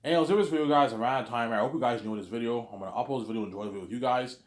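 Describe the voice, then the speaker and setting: A man's voice: mid-range voice, very fast, roomy sound. A man vlogging who tells a story animatedly and acts out conversations. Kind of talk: storytelling vlog.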